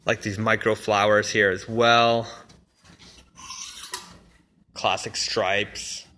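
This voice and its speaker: A man's voice: lowish voice, little pitch movement, extremely slow, bright, forceful tone, slight background noise. A man casually walking viewers through new clothing on a live stream, enthusiastic and rambling, full of fillers and restarts. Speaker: brand representative showing new products. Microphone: phone or camera mic on a live stream.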